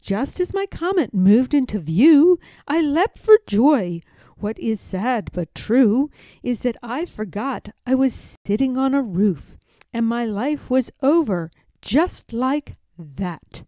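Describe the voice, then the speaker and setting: The sad ghost of a young scientist, as a woman reader puts him on in a storybook, telling his tale mournfully. The voice is slow and mellow, with a wide sing-song range. The recording is dry. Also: fairly high pitch, expressive, no room sound.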